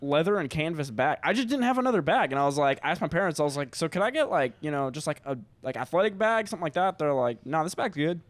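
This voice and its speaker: A man's voice: a little high, animated, fast talker, hardly any pauses, no room sound. A young man as a podcast guest, joking and telling stories in casual chat. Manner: playful, jokey storyteller.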